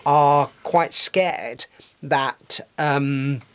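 A man's voice: medium pitch, very slow, fairly bright tone, clean tone. A man co-hosting a casual radio chat, talking with many ums and restarts. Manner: hesitant, many fillers and restarts. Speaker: radio co-host.

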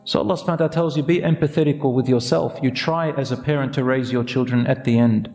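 A man's voice: mid-range voice, fairly even intonation, fast talker, warm tone, roomy sound, faint music behind. A man giving an earnest radio sermon as an imam, exhorting his listeners and mixing Arabic phrases into his English.

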